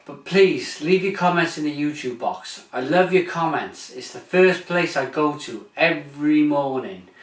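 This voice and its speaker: A British man hosts a casual review vlog, his voice sitting fairly high. He talks eagerly but loosely, doubling back and repeating himself. The sound is roomy and echoey, with the mic set some way off. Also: expressive, unhurried, few pauses. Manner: enthusiastic, rambling, with frequent restarts and repeats. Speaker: beer reviewer, channel host. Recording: echoey room, mic at a distance.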